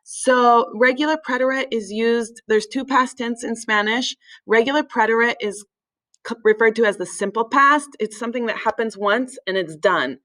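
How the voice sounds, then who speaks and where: A woman teaching a recorded language lesson in a relaxed way, with many fillers, slowing down to spell words out. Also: fairly high pitch, poor audio. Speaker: Spanish teacher.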